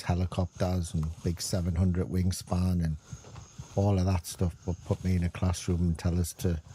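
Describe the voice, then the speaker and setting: A man's voice: low voice, mellow, a little hiss or hum. A middle-aged man, chatting casually and rambling as he gives gameplay commentary. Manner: chatty, rambling, self-deprecating. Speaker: gaming channel host.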